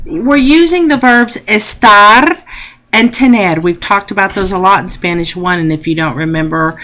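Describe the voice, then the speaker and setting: A woman Spanish teacher, explaining a lesson slowly and patiently and repeating each phrase. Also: medium pitch, a bit bright, rough recording. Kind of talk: recorded classroom lesson.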